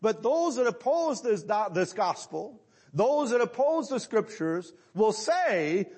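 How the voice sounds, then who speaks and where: A man's voice: high voice, very animated, slow, a little mellow, slightly rough. A middle-aged man preaching a sermon, emphatic and full of rhetorical questions to his listeners.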